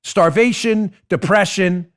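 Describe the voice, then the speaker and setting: Brief: male talk host, fairly high pitch, emphatic monologue, swings from hushed to raised, speaks right to the audience. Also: slow. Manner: addresses listeners directly. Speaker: political talk show host.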